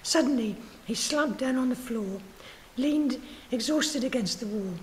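A woman reading her own story aloud at a spoken word night, breathy and soft, sometimes stumbling and correcting herself. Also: fairly high pitch, unhurried, a little hiss or hum, poor audio. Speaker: writers group reader.

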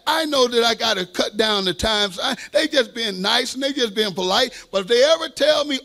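A man's voice: very high voice, lively intonation, a little fast, creaky, hardly any pauses, bright, forceful tone. A man pastor preaching a sermon with fervent delivery, call-and-response asides and playful self-deprecating humor.

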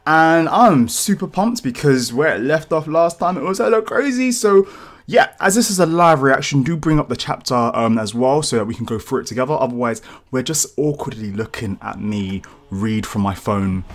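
Excitable man rambling through a manga reaction. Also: medium pitch, moderate pace. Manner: excitable, rambling, casual swearing. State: feeling sick, clearing throat. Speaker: channel host. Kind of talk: live manga reaction commentary.

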